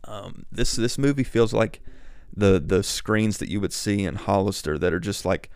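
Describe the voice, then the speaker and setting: A man's voice: on the low side, normal speed, darkish tone, smooth, no echo, studio quality. A young man casually reviewing and ranking movies, chatty and rambling, often going off on tangents.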